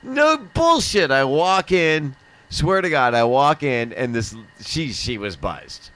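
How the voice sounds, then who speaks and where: A man's voice: a little high, very animated, slow, bright, forceful tone. A man hosting a casual live stream chat, telling rambling stories full of swearing and mock accents. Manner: rambling storyteller, swears a lot, mimics accents.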